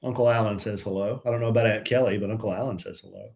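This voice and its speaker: A man's voice: on the low side, very fast, vocal fry, darkish tone, slight background noise. A middle-aged man co-hosting a casual live stream, greeting viewers one by one with dry teasing.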